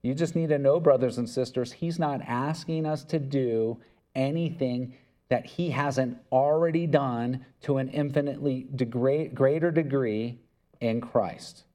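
A man's voice: mid-range voice, a little slow, mellow. A pastor preaching a sermon in an earnest, conversational way, acting out little dialogues and chuckling as he goes.

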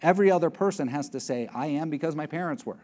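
A male preacher delivering a sermon in a fairly high voice. He reads verses aloud and then explains them, leaning hard on key words and letting his pitch and volume rise to drive each point home. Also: quick pace. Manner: emphatic, varies pitch and loudness for stress.

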